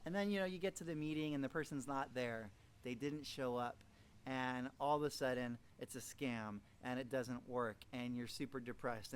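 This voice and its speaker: A middle-aged man giving an energetic, folksy motivational training talk to new recruits, acting out little dialogues as he goes. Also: mid-range voice, smooth. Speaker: network marketing trainer.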